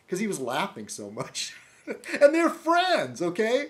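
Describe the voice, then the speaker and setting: A man talks to camera in a loose, rambling monologue. His pitch swings widely as he goes, dropping low for asides and jumping up when he laughs, and he backtracks often. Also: very animated, brisk. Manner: meandering, many restarts and fillers, laughs often. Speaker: video blogger.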